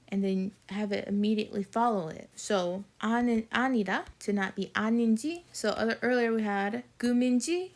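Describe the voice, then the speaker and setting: A woman runs a casual online language lesson, explaining grammar points in a relaxed way. She moves along at a brisk pace. She reads example sentences aloud and stops to correct herself when she wants to get a point exactly right. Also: medium pitch. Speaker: Korean language teacher.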